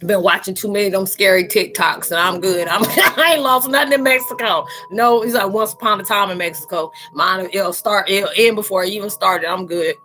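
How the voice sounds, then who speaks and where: Bright-voiced joking woman chatting live. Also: mid-range voice, brisk, hardly any pauses, a little hiss or hum. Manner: playful and joking, slangy, talks straight to her viewers. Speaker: live chat host. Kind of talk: casual live-stream chat.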